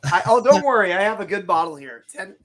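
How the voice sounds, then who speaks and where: A man's voice: high-pitched, fairly quick. A man co-hosting a podcast, joking and teasing in casual chat. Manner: lively, teasing banter. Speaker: podcast co-host.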